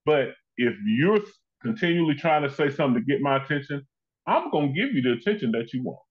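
A man's voice: on the high side, fast, dull audio. A man who is a comedian and actor, telling stories as a guest in an interview and acting out the people he quotes. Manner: animated, acts out quoted people in his stories. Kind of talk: conversational storytelling in an interview.

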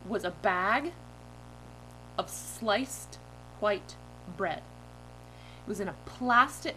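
A woman vlogger telling a story to her camera in a bubbly, giggly, animated way. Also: medium pitch, a little hiss or hum, low-quality recording.

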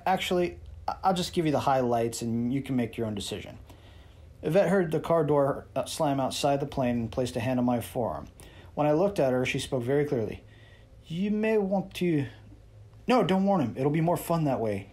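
Guy reading his own-style novel out loud, dry sarcastic wisecracking tone, mid-pitched. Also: a little fast. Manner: wry, sarcastic, boastful. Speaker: narrator. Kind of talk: first-person novel reading.

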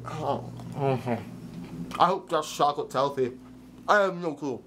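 A man with a fairly high voice chatting to camera in a casual vlog. He rambles and restarts his sentences often, joking at his own expense as he goes along. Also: slow pace, background noise. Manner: rambling, stammering restarts, self-deprecating. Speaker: vlogger.

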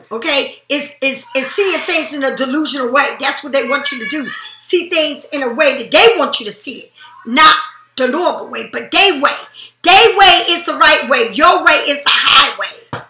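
A woman's voice: sits high, lively intonation, moderate pace, bright, forceful tone, reverberant, slight background noise. A woman reading tarot cards in a blunt, profane, emphatic way. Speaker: tarot reader.

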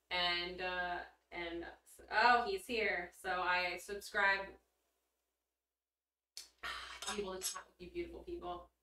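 A woman's voice: medium pitch, bright, forceful tone. A woman chatting casually on a livestream, reading her chat aloud, bubbly and giggly with blunt casual swearing. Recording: roomy echo, mic at a distance.

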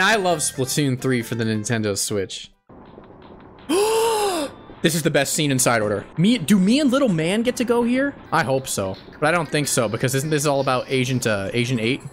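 A man's voice: fairly high pitch, fairly bright tone. A man streaming a video game live, joking around playfully and laughing a lot as he comments. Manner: playful, goofy, bursts of laughter; mock-threatening jokes. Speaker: gaming streamer.

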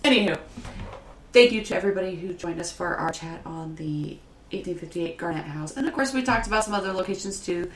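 Recorded in an echoey space with a bit of noise, this podcast host is a woman spinning lively stories in casual conversation, full of swearing and frequent laughter. Her voice is fairly low and her pace brisk.

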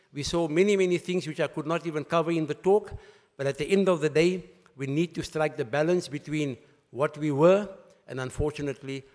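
A man's voice: fairly high pitch, darkish tone. Emphatic man preaching in a reverberant hall. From South Africa. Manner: emphatic, repeats key phrases for weight. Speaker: mosque speaker. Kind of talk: Friday sermon.

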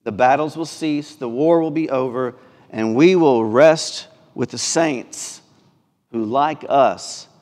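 Southern pastor in an echoing church. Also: male voice, mid-range voice, slow, a little mellow. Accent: Mississippi Southern. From Mississippi. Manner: earnest, builds in repeated phrases. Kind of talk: sermon. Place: church sanctuary. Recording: long church reverb.

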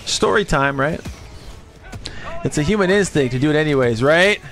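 A man in his thirties live-streaming a game, rambling and swearing casually, and jumping into high squeaky voices when he quotes people. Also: expressive, moderate pace, fairly bright tone. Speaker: livestreamer. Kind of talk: rambling casual chat while gaming.

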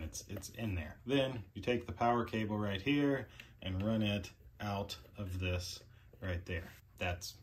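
A man vlogging a casual product setup and talking his viewers through each step. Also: background noise. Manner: chatty, talks to his dogs in a high coaxing voice.

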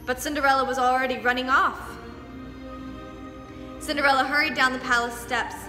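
A young woman dance teacher reading a storybook aloud to children, lively and expressive. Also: sits high, fairly quick. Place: dance studio. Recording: echoey studio hall, faint music.

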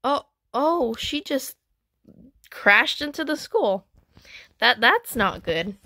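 A woman hosting a gaming channel, chatting excitedly as she trades in a game, with frequent gasps and squeals. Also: high voice, slow pace, no room sound, clean studio sound. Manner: chatty, talks to viewers and other players. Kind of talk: playing a trading game while commenting casually.

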